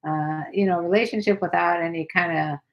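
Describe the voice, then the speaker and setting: Older woman, livestream host, lowish voice, frank and playful with comment replies. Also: steady tone, brisk, gravelly, muffled recording. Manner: chatty, reads comments aloud, frank and playful. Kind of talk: casual livestream chat reading viewer comments.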